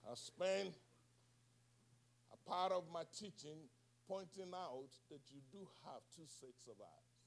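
A male preacher delivering a sermon with call-and-response, moving from hushed, soft passages to shouted climaxes. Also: on the high side, lively intonation, takes it slowly, creaky, pauses often.

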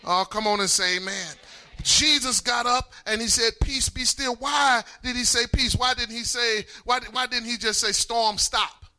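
A man preaching, his voice pitched very high for a man and strikingly bright and piercing. He rolls into a sing-song chant and shouts out calls to the congregation. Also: moderate pace. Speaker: pastor. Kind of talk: sermon.

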